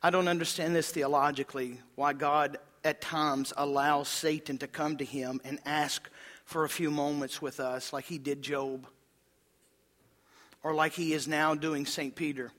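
Bright-voiced impassioned preacher man. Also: level tone, a little slow, big-room sound. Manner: impassioned preaching, swings from loud emphasis to hushed low tones. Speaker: pastor. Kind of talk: sermon.

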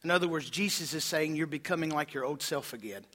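A man, preaching a sermon as a pastor, swinging from loud emphasis to hushed, low-spoken lines. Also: quick pace, in a large hall.

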